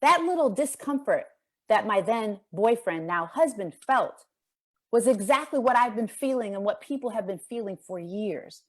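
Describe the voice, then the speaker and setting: A woman in her fifties giving a guest speech, telling a personal story earnestly and emphatically, her voice climbing high as she presses rhetorical questions. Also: lively intonation, normal speed. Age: 50s. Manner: voice rises high when impassioned. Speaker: guest speaker.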